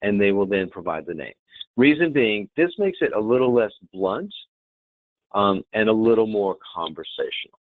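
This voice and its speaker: A man presenting a hospitality training webinar, demonstrative and lively, often checking in with the audience. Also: fairly low pitch, normal speed, dry recording. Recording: tinny phone-like webinar audio.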